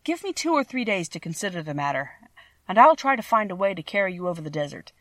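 A woman's voice: mid-range voice, sing-song, quick pace, dry recording, lightly acted. An old, meek humbug wizard confesses mildly and kindly in a storybook reading, voiced by a woman in her own plain tone. The sound is dry and close. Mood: earnest. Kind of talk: audiobook reading.

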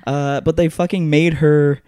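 A man from the United States, a comedian guest on a podcast, telling self-mocking stories in a relaxed chat and laughing often. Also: a little high, a little slow, smooth, dry recording, studio quality. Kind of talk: casual chat.

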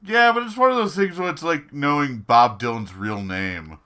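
Man podcast co-host, dry jokes, bright voice, casual chat. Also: a little high, expressive, normal speed, clean tone. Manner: dry joking asides.

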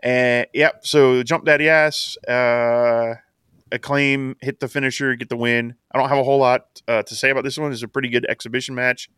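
A man's voice: mid-range voice, level tone, moderate pace, fairly bright tone, clear, resonant tone, no room sound, clean studio sound. A man co-hosting a casual wrestling podcast, recapping in a chatty way and laughing as he acts out quotes. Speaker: podcast co-host.

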